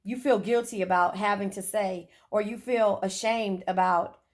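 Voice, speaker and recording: A woman's voice: medium pitch, fairly even intonation, normal speed. A woman giving a casual tarot reading in a car, blunt, profane and chatty as she talks straight to her viewers. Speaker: tarot reader.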